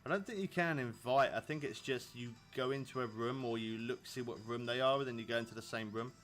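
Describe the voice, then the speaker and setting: Streaming a fishing game, this chatty English man in his thirties rambles to his viewers and laughs a lot in casual live-stream talk. He has a mid-range, slightly bright voice and a brisk pace, over faint background music.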